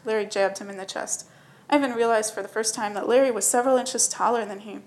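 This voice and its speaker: A woman's voice: medium pitch, steady tone, fairly quick, hardly any pauses, low-quality recording. Woman reading a story aloud. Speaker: narrator.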